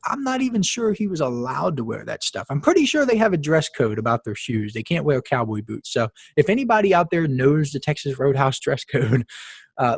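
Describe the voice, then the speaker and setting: Husky-voiced man hosting a podcast. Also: a little high, no room sound. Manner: chatty, emphatic, storytelling with asides. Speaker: podcast host. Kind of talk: casual podcast monologue.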